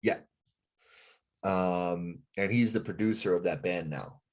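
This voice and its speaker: A man's voice: low voice, slow. A man, a rock band frontman, telling a heated story on a podcast with plenty of profanity and acted-out quotes.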